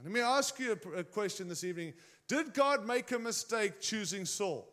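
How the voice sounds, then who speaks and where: A man's voice: high voice, expressive, moderate pace, fairly bright tone. A man preaching a sermon in a conversational way, often turning to the congregation with direct questions.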